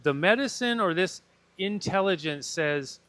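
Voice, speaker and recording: A young man, a podcast guest and breathwork facilitator, telling a deeply personal story in a casual interview, earnest and swearing now and then. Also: lively intonation, measured pace, a bit bright. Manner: earnest, swears casually, acts out his own inner voice.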